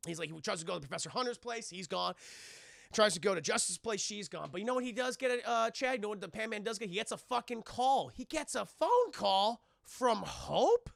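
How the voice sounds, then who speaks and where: Excitable gravelly man recapping a movie. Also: high voice, brisk, no echo, studio quality. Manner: profane, excitable, acts out characters' lines with yelps. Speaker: streamer reviewing a film for his chat. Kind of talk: animated spoiler recap to live chat.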